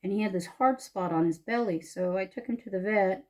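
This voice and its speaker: A woman's voice: medium pitch, a little fast. Lady vlogger at home doing her makeup, blunt and laughy, telling a story, does little voices for people. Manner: salty, laughing, animated voices for quotes. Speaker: beauty vlogger.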